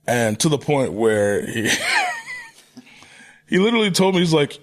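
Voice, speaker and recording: A man in his thirties, a wrestler as podcast guest, speaking in a measured, thoughtful way. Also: mid-range voice, big pitch swings. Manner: measured, deliberate delivery with frequent restarts. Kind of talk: thoughtful interview talk.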